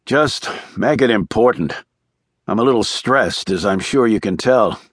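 A man's voice: lowish voice, lively intonation, unhurried, husky, no room sound, clean studio sound. A man voicing a stressed, impatient male operation chief in his forties in an audiobook thriller. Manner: clipped, impatient. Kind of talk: audiobook character voice.

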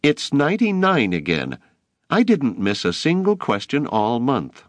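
An eager eleven-year-old boy who blurts things out, voiced by a male narrator in a much higher, keyed-up voice. Dry, close audiobook sound. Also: measured pace, no room sound. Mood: excited. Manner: excited, blurting.

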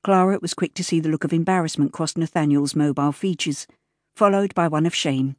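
A woman narrating an audiobook in a measured, even storytelling manner, recorded close in a studio. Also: deep voice, no echo. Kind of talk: scripted narration. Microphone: close studio mic.

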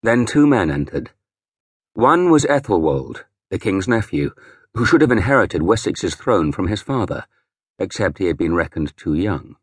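A man's voice: low voice, big pitch swings, moderate pace, slightly rough, dry recording, studio quality. A man narrating a historical novel in the first person with grave, dramatic delivery. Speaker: audiobook narrator.

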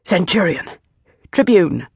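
A woman's voice: deep voice, normal speed, no room sound, clean studio sound. Woman voicing a shrewd old valet. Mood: knowing. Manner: quiet, knowing. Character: dapper aging male legion valet, shrewd.

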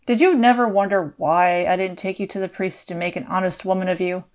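A woman's voice: on the low side, fairly quick, lightly acted. A woman voicing a cold, mocking male lord villain in an audiobook, with a cool, sneering manner.

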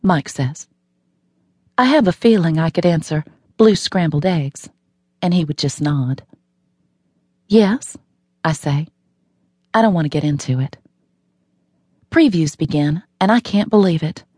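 A woman's voice: low voice, animated, normal speed, long pauses, darkish tone, husky, no echo. A woman narrating a novel in the first person, wry and matter-of-fact, recorded in a studio. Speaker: audiobook narrator.

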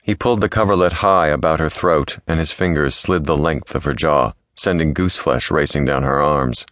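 Very deep male audiobook narrator. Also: normal speed, a bit bright, dry recording, studio quality. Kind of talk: scripted romance narration.

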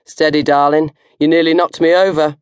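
A woman's voice: sits low, flat delivery, moderate pace, clean tone, dry recording, studio quality, lightly acted. A woman voicing a cocky, leering teenage boy who teases a girl. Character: cocky lewd teenage boy with big lips.

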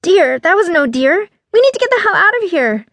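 A woman reading an audiobook voices a frightened, short-tempered teenage girl, raising her voice higher and tighter than her narration. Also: sing-song, normal speed, no room sound. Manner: tense, pleading, higher and louder than the narration. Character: scared teenage girl, anxious and curt. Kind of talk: audiobook character voice.

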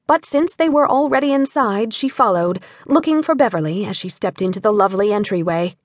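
A woman narrating an audiobook with animated storytelling on a close studio mic. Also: medium pitch, a little fast, no room sound. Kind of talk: scripted narration.

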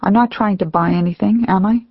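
A middle-aged woman, the author, reading her own memoir aloud in a measured, reflective way. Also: mid-range voice, slightly rough, no room sound. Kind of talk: audiobook memoir narration. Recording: dull, slightly lo-fi dry audio.

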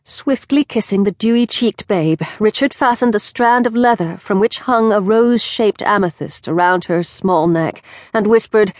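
A woman narrating an audiobook in a measured, expressive storytelling manner. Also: mid-range voice, dry recording, studio quality. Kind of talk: scripted narration. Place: recording studio. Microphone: close studio mic.

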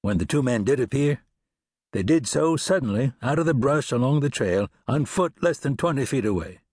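A man narrating a western audiobook with expressive storytelling. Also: medium pitch, normal speed, husky, no room sound, studio quality. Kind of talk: scripted narration.

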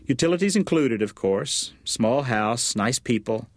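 A man's voice: medium pitch, expressive, measured pace, dry recording. A serene, welcoming landlady in her fifties from an audiobook, voiced by a man. She talks cheerfully and unhurriedly on a dry, close recording. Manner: cheerful and easygoing. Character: gracious, serene fifty-ish landlady. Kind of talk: audiobook character voice.

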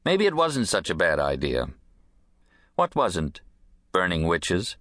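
A man narrating an audiobook in a crisp, dry, expressive manner. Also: sits low, slow pace, pauses often, dry recording.

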